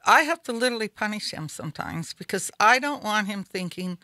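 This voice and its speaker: A woman's voice: medium pitch, expressive, fairly quick, sharp tone, no echo. Chatty woman radio co-host telling stories. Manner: chatty storyteller, earnest. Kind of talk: casual chat.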